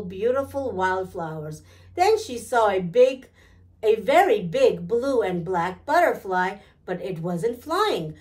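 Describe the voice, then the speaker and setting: Woman reading a kids picture book aloud, slow and clear, slightly high voice. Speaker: storytime reader.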